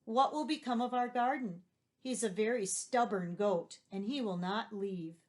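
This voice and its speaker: A woman's voice: mid-range voice, unhurried, lightly acted. A woman voicing a worried young boy in a storybook, pleading earnestly about a stubborn goat. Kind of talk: storybook read-aloud.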